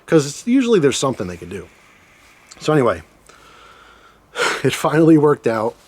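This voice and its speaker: A man's voice: mid-range voice, wildly swooping pitch, normal speed, slightly rough. A man casually telling a personal story to his viewers, joking and acting out his own reactions. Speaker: storytime vlogger.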